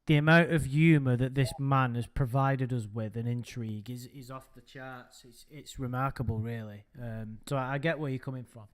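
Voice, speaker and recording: A man's voice: mid-range voice, steady tone, normal speed, hardly any pauses. A man co-hosting a casual podcast chat, rambling and amused, swearing now and then. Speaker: podcast co-host.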